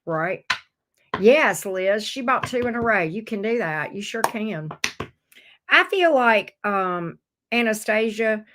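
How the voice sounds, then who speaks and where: A woman's voice: mid-range voice, expressive, slow pace, background noise. A woman, chatting casually while she gives tarot readings on a livestream, loose and joking. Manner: chatty and loose, laughs and swears, talks to chat and her pets.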